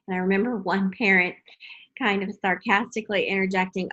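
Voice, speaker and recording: A woman's voice: mid-range voice, steady tone, a little fast, a bit bright, muffled recording. A woman, a parent of young athletes, reminiscing in a casual chat and often repeating words as she starts a sentence. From Texas. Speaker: parent of water polo players.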